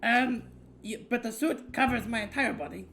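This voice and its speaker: A woman playing a tabletop game, describing her character hesitantly, with frequent pauses and giggles. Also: a little high, fairly bright tone, soft background music. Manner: hesitant, giggly, many ums. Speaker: player.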